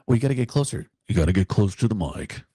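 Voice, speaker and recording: A man's voice: lowish voice, big pitch swings, dark tone, breathy edge, no room sound, studio quality. A man talking as a podcast guest in a jokey, playful, casual chat over a video call. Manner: jokey, playful, quick to laugh. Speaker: podcast guest, soldier and content creator.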